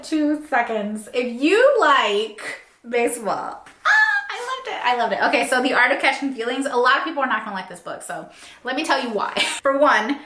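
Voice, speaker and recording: A chatty, animated young woman casually reviewing books, full of fillers. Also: a little high, reverberant. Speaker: book reviewer. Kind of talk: casual book review chat.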